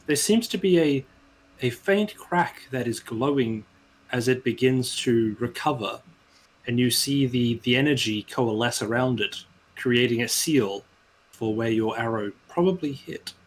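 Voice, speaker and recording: A man's voice: mid-range voice, unhurried. A man narrating scenes and calling for rolls as game master, encouraging the players. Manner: descriptive, encouraging, with fillers.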